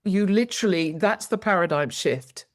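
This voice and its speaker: Brief: woman educator as podcast guest, somewhat low voice, lively storyteller. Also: moderate pace. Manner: lively, expressive, acts out quoted lines. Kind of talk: animated storytelling in conversation.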